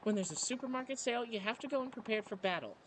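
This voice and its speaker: A man's voice: very high voice, animated, rapid-fire, a bit bright, slight background noise, poor audio. A man reading a game aloud, voicing a vain young female idol rival with a haughty, taunting manner. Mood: petulant. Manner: haughty, taunting, self-important. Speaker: let's play narrator.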